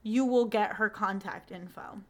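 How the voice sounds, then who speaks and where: A young woman hosting a podcast, telling a story in casual chat, animated, full of fillers and swearing. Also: mid-range voice, measured pace. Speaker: podcast host.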